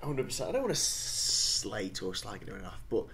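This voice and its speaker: Conversational man with low voice. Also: sing-song, moderate pace, vocal fry, fairly bright tone. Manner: conversational, agreeable, frequent tag questions. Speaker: podcast co-host. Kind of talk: casual football podcast chat.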